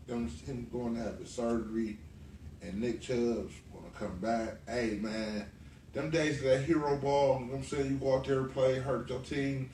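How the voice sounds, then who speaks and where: A man's voice: mid-range voice, fairly even intonation, normal speed, mellow. A man co-hosting a podcast, talking football in a laid-back, slangy way. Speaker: podcast co-host. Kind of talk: casual sports chat. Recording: roomy, far from the mic, faint noise.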